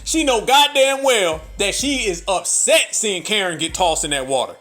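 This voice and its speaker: A man's voice: high voice, expressive, normal speed, bright, forceful tone, soft background music. A man hosting political commentary, emphatic and profane, repeating points for emphasis. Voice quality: emphatic, repetitive, profane, preacher-like. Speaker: host.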